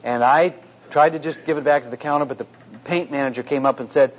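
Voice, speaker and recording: Husky-voiced man preaching through a story. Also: mid-range voice, fast. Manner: earnest, anecdotal, animated retelling. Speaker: pastor. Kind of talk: storytelling sermon on marriage. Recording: dull lo-fi recording.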